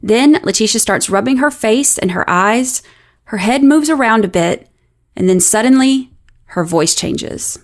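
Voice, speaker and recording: Woman narrating true crime, steady. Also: a little high, measured pace. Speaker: podcast host.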